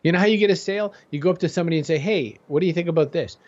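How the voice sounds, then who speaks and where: Energetic man on a dull lo-fi line. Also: on the high side, very fast. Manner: energetic, conversational, jumps into quoted voices. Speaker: guest. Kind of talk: motivational interview talk. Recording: dull lo-fi sound.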